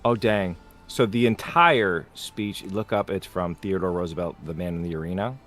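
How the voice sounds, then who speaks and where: Male host, low voice, lively livestream storyteller, slight New England accent. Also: normal speed. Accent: faint New England, mostly neutral. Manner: animated storyteller, acts out quotes. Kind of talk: casual livestream Q&A chat.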